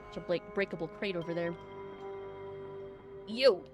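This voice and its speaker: Woman streamer, playful and giggly, casual chat over soft music. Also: lowish voice, a little slow, pauses often. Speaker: game streamer.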